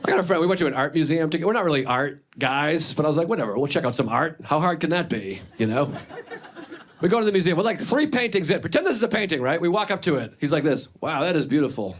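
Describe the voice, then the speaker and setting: Self-mocking stand-up comic man, lively pitch. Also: fast, a little hiss or hum. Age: 40s. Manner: self-deprecating, deadpan asides with animated impressions of friends. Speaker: stand-up comedian. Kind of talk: stand-up routine. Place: comedy club stage before a live audience. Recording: live club set with a laughing crowd. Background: audience laughter.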